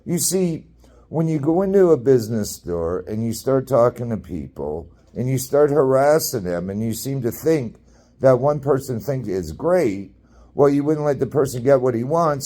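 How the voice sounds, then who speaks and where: A man's voice: medium pitch, expressive, moderate pace, warm tone. A man telling a story in a casual rant, blunt, profane and repetitive. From Canada.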